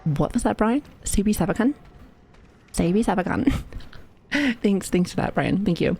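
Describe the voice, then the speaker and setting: A woman's voice: mid-range voice, animated, moderate pace, dark tone, slightly rough. A woman streaming live and chatting casually with her viewers, swearing freely and laughing often, who says she has been sick lately. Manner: profane, joking, laughs often. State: recovering from illness.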